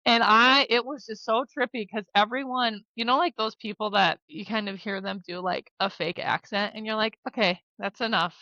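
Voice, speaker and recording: Midwestern woman, 30s, podcast guest; bright, chatty, filler-heavy storyteller; dry, slightly dull mic. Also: mid-range voice, fairly even intonation, normal speed, hardly any pauses, dry recording. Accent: American Midwest. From South Dakota, USA. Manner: chatty, lots of "like" and "you know", laughs easily. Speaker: podcast guest, former basketball player and therapist. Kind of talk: casual interview storytelling.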